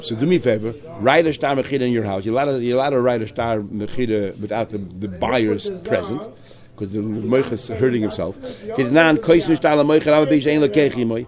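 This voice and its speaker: A man teaching a Talmud class, quickly reading the text and explaining it in English, acting out the parties in the case. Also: medium pitch, crowd noise. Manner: rapid, mixing Hebrew-Aramaic terms with English, quotes lines.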